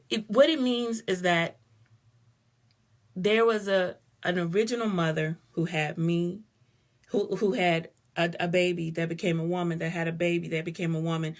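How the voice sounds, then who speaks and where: Middle-aged woman, host of a live talk; low gravelly voice, expressive and chatty. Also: measured pace, pauses often. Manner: expressive, conversational, greets viewers mid-sentence. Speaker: speaker on a live stream. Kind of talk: personal talk to live viewers.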